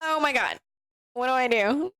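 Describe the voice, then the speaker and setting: A woman's voice: sits high, normal speed, a bit bright, clean tone, dry recording, studio quality. A young woman streaming from home, flustered and giggly while she fights a bout of hiccups. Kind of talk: casual livestream chat.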